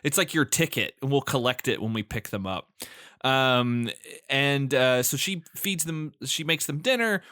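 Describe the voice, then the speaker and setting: A man's voice: medium pitch, expressive, measured pace, pushed and bright, dry recording, studio quality. A man co-hosting a movie podcast in casual chat, laughing often as he recaps scenes and speculates about the plot. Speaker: podcast co-host.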